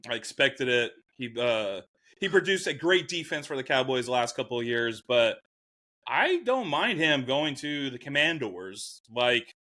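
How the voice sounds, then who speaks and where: A man's voice: medium pitch, very animated, unhurried, sharp tone. A man co-hosting a casual sports chat show, easygoing and rambling, with some swearing. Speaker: podcast co-host. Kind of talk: casual chat while drinking.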